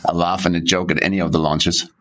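A man's voice: low-pitched, level tone, fast, fairly bright tone. A man hosting a podcast interview, chatting, reminiscing and asking questions. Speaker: podcast host. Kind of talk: casual interview.

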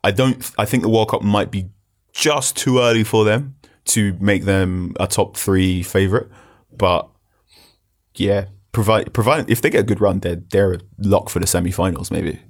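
Male panelist, low register, animated rambling talker. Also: moderate pace. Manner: rambling, animated storytelling with restarts. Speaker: podcast panelist. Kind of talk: casual football chat.

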